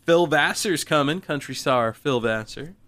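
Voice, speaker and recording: A man's voice: fairly high pitch, unhurried, no echo. Laid-back man co-hosting a podcast. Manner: relaxed, reads sponsor list. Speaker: podcast co-host. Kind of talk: casual chat.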